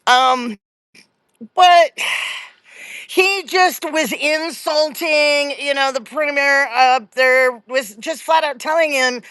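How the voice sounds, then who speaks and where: A woman's voice: high voice, slow pace, a bit bright, no room sound. A middle-aged woman from Louisiana hosting a live political commentary stream, chatty and sarcastic, with many fillers and restarts.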